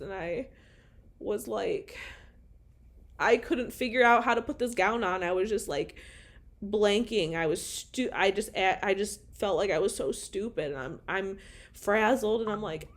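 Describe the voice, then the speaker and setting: A woman's voice: medium pitch, a little slow. A young woman telling a personal story in a casual, candid monologue. She is emotional and swears often.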